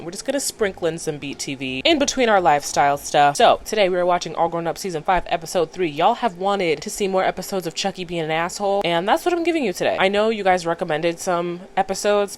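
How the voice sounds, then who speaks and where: A woman vlogger casually recapping a cartoon episode with chatty, playful commentary. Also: lowish voice.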